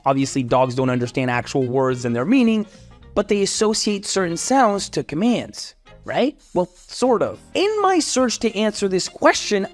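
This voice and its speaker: A young French man with a French accent, narrating a playful comedic explainer in a chatty, self-interrupting way. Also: high voice. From France. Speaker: comedy creator. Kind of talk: comedic educational sketch narration.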